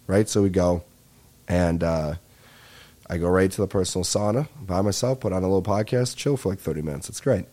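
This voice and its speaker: A young man rants through a comedy podcast monologue, rambling, excitable and freely profane. His voice sits on the low side and has a mellow, relaxed tone. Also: fairly quick. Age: 20s. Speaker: podcast host.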